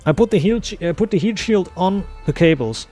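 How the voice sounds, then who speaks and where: A young man streaming a game launches into a casual, profane rant of a story, constantly restarting his sentences. His voice is high-pitched and darkish in tone, animated and fairly quick, with soft music in the background.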